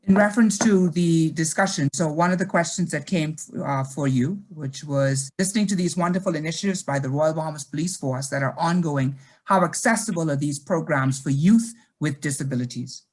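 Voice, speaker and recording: A moderator posing questions to panelists in a polite, brisk way. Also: medium pitch.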